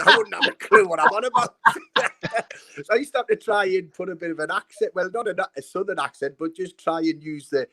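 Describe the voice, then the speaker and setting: A man's voice: on the high side, lively intonation, fairly quick, pushed and bright, no room sound. A man who is a former football manager and pundit, telling stories casually over a video call and laughing at his own tales.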